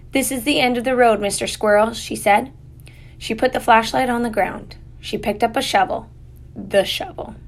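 A woman reading an audiobook aloud in a measured, dryly wry manner. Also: medium pitch. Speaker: audiobook narrator. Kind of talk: scripted narration.

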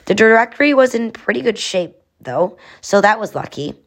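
A woman's voice: medium pitch, animated, moderate pace. A woman narrating a children's adventure story, adding chatty explanatory asides.

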